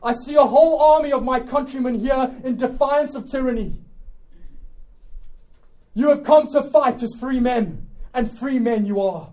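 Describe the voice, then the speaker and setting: A man voicing a rousing male rebel warrior chief who rallies his troops, loud and defiant, declaiming in a raised voice. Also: high voice, big pitch swings, drawn-out words, pauses often, heavily acted.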